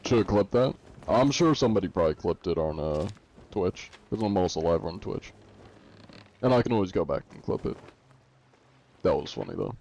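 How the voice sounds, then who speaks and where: A man's voice: deep voice, very animated, normal speed, pauses often, darkish tone, low-quality recording. A male streamer chatting casually while he plays, laid-back and laughing often. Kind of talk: casual gameplay chat.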